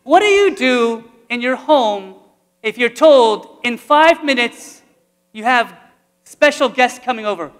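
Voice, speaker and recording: A man's voice: very high voice, animated, takes it slowly, a bit bright, in a large hall. A man, a priest, preaching an earnest, conversational sermon full of repetition.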